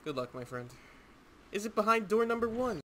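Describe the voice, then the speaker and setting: A young man streaming a video game, talking and laughing excitably with friends. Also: sits high, a little fast. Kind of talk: casual gaming banter.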